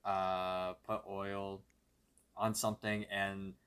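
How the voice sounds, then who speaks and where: Podcast guy, kinda low voice, rambles and restarts a lot. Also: little pitch movement, takes it slowly, fairly bright tone, smooth. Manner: rambling, hesitant, full of restarts. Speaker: podcast co-host. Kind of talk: casual chat.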